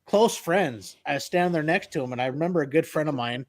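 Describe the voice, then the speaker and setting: A man co-hosting a podcast, telling lively stories and swearing freely. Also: a little high, fast. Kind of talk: casual chat.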